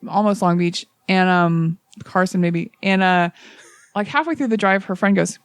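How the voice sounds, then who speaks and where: A young adult woman, a comedian guest, telling profane, animated stories in casual chat. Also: lowish voice, moderate pace, smooth, no echo, studio quality. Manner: profane, animated anecdotes with acted-out quotes. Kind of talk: casual chat, comic storytelling.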